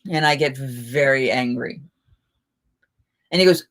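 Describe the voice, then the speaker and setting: A middle-aged woman, a festival performer, hosting a live chat and telling lively anecdotes in a casual way, often getting suddenly louder. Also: a bass voice, a little slow. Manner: animated, with sudden jumps in loudness.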